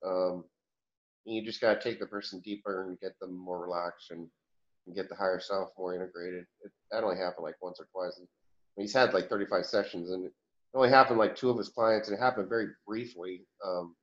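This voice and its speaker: A man speaking as a channeled higher self in a question-and-answer session, rambling with restarts and chuckles. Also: steady tone, fairly quick, fairly bright tone, highs cut off.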